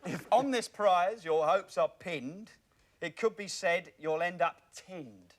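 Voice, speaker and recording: A male comedian with a London accent doing cheeky, quick stand-up patter as a guest on a TV game show. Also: high voice. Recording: noisy TV studio with audience.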